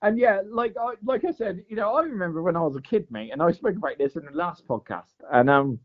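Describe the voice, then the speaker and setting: Telling a lengthy fishing tale as a podcast guest, a man speaks in a high-pitched voice, a little on the fast side. He's animated and peppers his talk with "mate" and "like," heard through dull lo-fi podcast audio.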